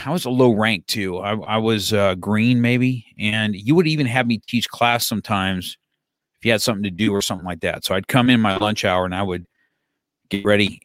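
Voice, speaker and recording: In a casual chat, a martial arts instructor in his fifties spins rambling stories, restarting, repeating himself and chuckling frequently. His voice is lowish and a bit bright, recorded at studio quality with no room sound.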